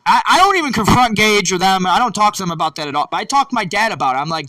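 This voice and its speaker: A man's voice: sits high, lively intonation, racing, pushed and bright. A young man vlogging, talking in a rambling, profane and agitated late-night rant, a bit distant from the mic. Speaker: YouTube vlogger.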